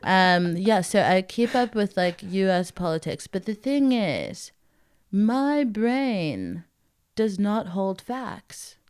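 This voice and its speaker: A woman's voice: medium pitch, very animated, takes it slowly, darkish tone, clean tone. A woman from Texas, a comedian chatting as a guest on a podcast, rambling and self-deprecating, often laughing. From Texas, USA. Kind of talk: casual podcast chat.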